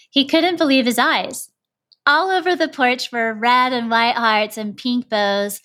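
A woman's voice: fairly high pitch, a bit bright. Woman reading a picture book aloud. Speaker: storyteller.

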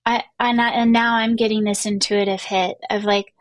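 A middle-aged woman hosting a podcast tells a personal story in a chatty way, full of fillers and restarts, as a casual storytelling monologue. Her mid-range voice is level, she speaks at normal speed, and there's no echo.

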